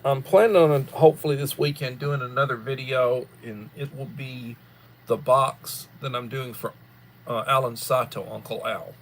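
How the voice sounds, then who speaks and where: A man's voice: medium pitch, steady tone, a little hiss or hum. Tired man chatting on a livestream. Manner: rambling, unhurried, repeats words. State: tired, yawning. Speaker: livestream host. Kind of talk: casual livestream chat.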